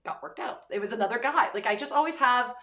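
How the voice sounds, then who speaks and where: A woman's voice: on the high side, fast talker, bright, forceful tone. A woman in her thirties hosting a casual chat, telling candid stories with lots of fillers. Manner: candid storytelling with frequent fillers. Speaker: host. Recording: echoey room.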